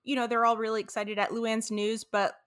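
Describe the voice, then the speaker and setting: Bright, slightly high woman co-host. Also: level tone, fairly quick, smooth. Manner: chimes in with short remarks and jokes. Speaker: podcast co-host. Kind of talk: casual recap chat.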